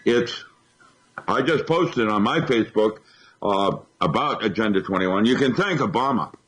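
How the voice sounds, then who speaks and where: A man's voice: fairly low pitch, lively intonation, normal speed, fairly bright tone, a little hiss or hum, low-quality recording. A man speaking as a radio show guest, alarmed and emphatic, restarting phrases as he hunts for words. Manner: alarmed, emphatic, repeats himself when searching for words. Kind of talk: talk radio interview.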